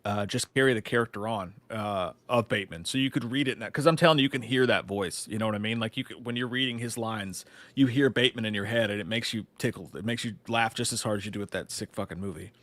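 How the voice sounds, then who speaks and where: A man's voice: lowish voice, fast, fairly bright tone, dry recording. A man co-hosting a live movie news stream, chatting casually, swearing freely, laughing often and reading viewer comments aloud.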